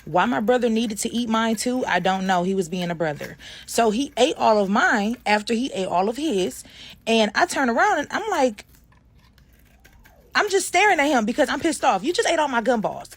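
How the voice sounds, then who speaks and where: A woman's voice: on the high side, animated, normal speed, slightly rough, no echo. Chatty woman telling a spooky story. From Detroit, USA. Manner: chatty, addresses viewers directly, acts out voices. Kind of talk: casual storytelling to followers.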